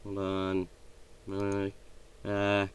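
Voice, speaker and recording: A man hosting a casual update vlog from his computer desk, talking excitedly in a rambling way with gushing outbursts and self-corrections. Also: sits low, extremely slow, clean tone. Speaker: video channel host. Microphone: desk microphone.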